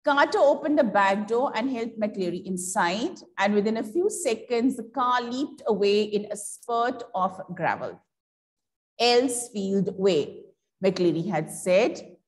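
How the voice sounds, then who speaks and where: A woman's voice: mid-range voice, lively intonation, slow. A woman English teacher with an Indian accent reads a story aloud and explains it to her class, asking questions and then answering them herself. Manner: reads dialogue with acted outbursts.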